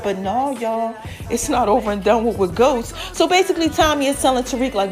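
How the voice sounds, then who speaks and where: A woman podcast host, recapping a TV episode in an animated, chatty way, calling her listeners y'all and acting out the characters' lines. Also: fairly high pitch, brisk, faint music behind. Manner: animated, addresses listeners as y'all, acts out quotes.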